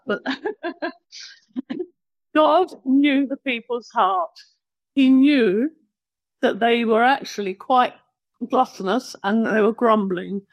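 A woman's voice: mid-range voice, no echo. A woman preaching a conversational sermon, plain-spoken and self-deprecating.

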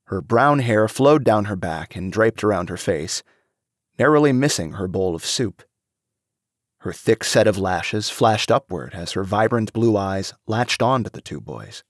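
A man with a low voice reads a story aloud, rising and falling expressively. The recording is close and dry, with no room sound. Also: no room sound. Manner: expressive, lively reading. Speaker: narrator. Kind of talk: storybook reading.

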